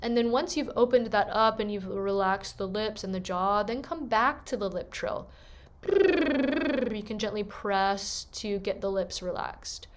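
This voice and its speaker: A woman voice teacher leading a gentle, encouraging vocal warm-up lesson and demonstrating the sounds herself. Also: mid-range voice, animated, measured pace, a little hiss or hum.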